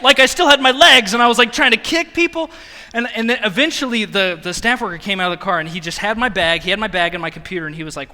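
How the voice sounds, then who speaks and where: A young man preaching, telling a story in a lively, self-mocking way with bursts of laughter. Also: sits high, fast talker. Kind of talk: sermon storytelling. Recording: long hall reverb.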